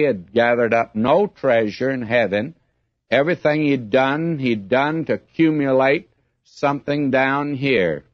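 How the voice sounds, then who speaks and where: Slow emphatic man preaching a sermon, dry sound, kinda muffled old tape. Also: medium pitch, no echo. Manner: slow, deliberate, emphatic preaching, reads scripture aloud. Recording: dull lo-fi old recording.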